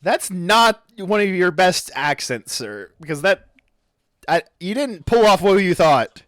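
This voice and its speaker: This man's high-pitched, slightly bright voice moves a little slowly but with lively intonation as he co-hosts a podcast. He rambles through casual chat, stumbling and self-correcting. No echo; studio quality.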